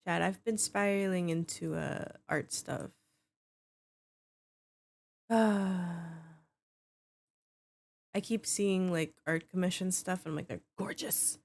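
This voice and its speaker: Gravelly-voiced woman streamer, bubbly and chatty, greeting chat by name at her home setup. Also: fairly low pitch, takes it slowly, pauses often, darkish tone. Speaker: game streamer. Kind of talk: casual chat with viewers.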